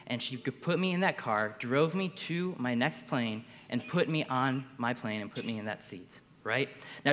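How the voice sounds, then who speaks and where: A young man telling a keynote story to a crowd, his voice surging with excitement. The sound rings with long reverb from a large hall. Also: mid-range voice. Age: young adult. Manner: energetic, builds to bursts of excitement. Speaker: conference speaker.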